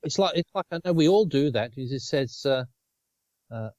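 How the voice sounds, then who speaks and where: A man's voice: mid-range voice, expressive, moderate pace, darkish tone, dry recording. A man in his fifties with an Australian accent, co-hosting a casual chat podcast and laughing often. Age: 50s. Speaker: podcast co-host.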